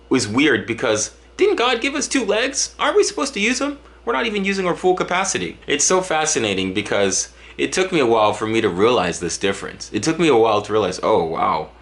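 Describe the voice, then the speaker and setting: Animated joking man from Dallas. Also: fairly low pitch. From Dallas, Texas. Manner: joking, exaggerated, rambling with restarts. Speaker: vlogger. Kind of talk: casual comedic monologue to camera.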